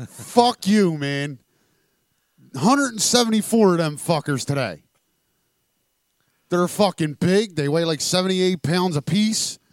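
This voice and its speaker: Griping, profane co-host with a lively voice. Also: male voice, high-pitched, takes it slowly, long pauses, dry recording, clean studio sound. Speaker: podcast co-host. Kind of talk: casual chat.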